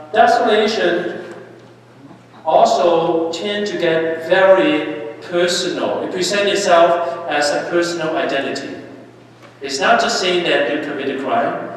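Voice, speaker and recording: A man's voice: a little high, recorded from a distance, slight background noise. Man preaching in an echoey church. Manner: animated, anecdotal, with asides and laughter. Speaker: priest leading a Lenten mission. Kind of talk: sermon. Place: large church.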